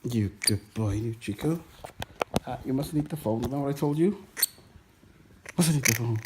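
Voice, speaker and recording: A man's voice: mid-range voice, normal speed, darkish tone. A man filming his pet monkey at home, coaxing it in a sing-song voice between casual asides to viewers. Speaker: pet vlogger. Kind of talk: casual pet video narration. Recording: echoey room with noticeable noise.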